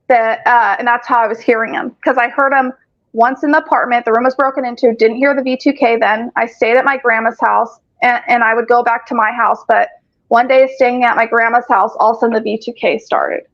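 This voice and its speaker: A woman's voice: fairly high pitch, steady tone, fairly quick, fairly bright tone. A woman telling her story in casual chat on a group video call, rambling, cursing often and filling gaps with "um". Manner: rambling, profane, frequent filler words. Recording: lo-fi call audio.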